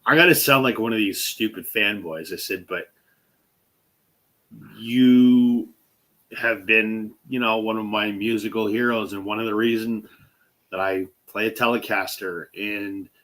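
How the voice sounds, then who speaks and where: A man with a fairly low voice, hosting a relaxed chat. He tells a story with animation and slips into the voices of the people he quotes. His speech is full of fillers and restarts. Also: measured pace. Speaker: host.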